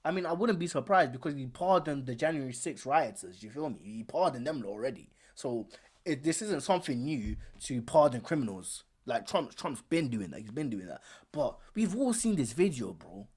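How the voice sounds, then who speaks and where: A man's voice: medium pitch, big pitch swings, moderate pace, slightly rough. A man hosting a live stream, talking casually and animatedly, repeating himself with plenty of slang. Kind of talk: casual commentary.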